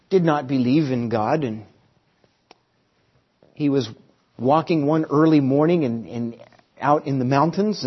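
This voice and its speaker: A man's voice: fairly high pitch, slightly rough. A man preaching a sermon, storytelling with varied emphasis. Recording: slightly dull recording.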